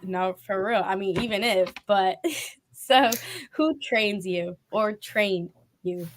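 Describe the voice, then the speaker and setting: A woman's voice: medium pitch, slow pace, a little hiss or hum. A woman hosting a casual interview, chatty and enthusiastic, laughing often. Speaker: podcast host.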